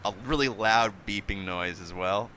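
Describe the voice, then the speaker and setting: A man's voice: lowish voice, moderate pace, crowd noise. A man running a tabletop game as game master, loose and joking, laughing often.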